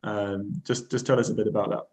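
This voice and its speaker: A man's voice: on the low side, flat delivery, brisk, darkish tone, rough recording. A man hosting a live interview, enthusiastic and hesitant, with many fillers. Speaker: interviewer, host.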